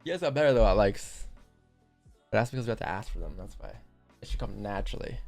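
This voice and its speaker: A man's voice: lowish voice, animated, quick pace, darkish tone, soft background music. A young man hosting a live trading stream, chatting casually and directly to his viewers in a laid-back way. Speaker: livestream trading host. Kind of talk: casual livestream chat.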